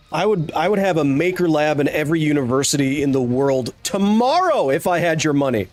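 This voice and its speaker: A man hosting a live stream, ranting casually in a sarcastic, exasperated way. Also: fairly high pitch. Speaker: streamer host.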